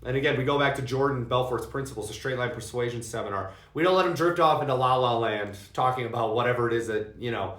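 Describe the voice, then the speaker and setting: A man's voice: mid-range voice, quick pace, few pauses, fairly bright tone. A man coaching insurance agents in an emphatic way, repeating his key points and calling his listeners "guys". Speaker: insurance sales trainer. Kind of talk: coaching talk to sales agents. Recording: echoey room.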